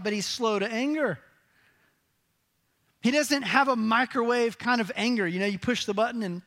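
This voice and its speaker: A man with a high voice preaches a sermon to his congregation. He poses questions and answers them himself, lively and emphatic. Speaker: pastor.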